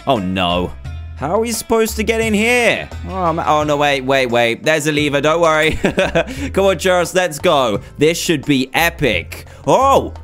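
A young man in his twenties doing excitable, animated gameplay commentary with lots of gasps and exclamations. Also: on the high side, unhurried, faint music behind. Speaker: gaming youtuber.

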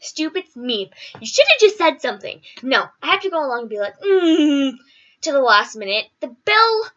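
Woman vlogger, high bright voice, rambling animated storytelling, dull lo-fi recording. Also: brisk. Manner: animated, rambling, acts out quotes. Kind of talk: casual storytelling.

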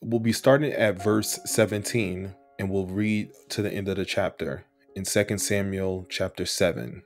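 A man with a somewhat low voice hosts a relaxed Bible study for his viewers. He talks earnestly and from the heart, and he voices prayers aloud as he goes. Soft music plays quietly behind him. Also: normal speed, few pauses.

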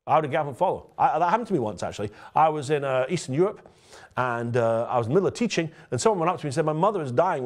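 A man, a pastor, preaching a conversational sermon and telling stories directly to his congregation. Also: on the high side. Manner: storytelling, lively and direct, addresses the congregation.

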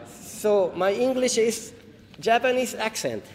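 A man from Paraguay, a harpist, introducing songs on stage in halting, humble English after a Spanish greeting, with pauses and restarts. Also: high-pitched, expressive, heavy background noise. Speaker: harpist performer. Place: large hall, live audience. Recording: roomy hall reverb, faint ambience.

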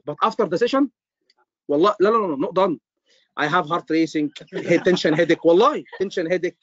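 A male tutor with a notably high voice talks to his class over a video call. The sound is dry and a little dull. He is animated, repeats himself and keeps checking that students follow. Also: no room sound. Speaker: medical exam tutor. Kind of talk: online class teaching.

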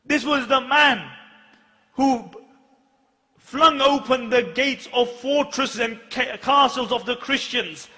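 Male preacher, fiery sermon delivery, sharp high voice in a reverberant hall. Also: takes it slowly. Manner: impassioned, rising to urgent rhetorical questions.

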